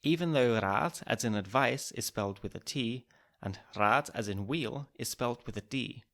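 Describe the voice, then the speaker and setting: A male host narrates a scripted podcast segment. His delivery is clear and measured, at a middle pitch, in the manner of an explainer. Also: a bit bright.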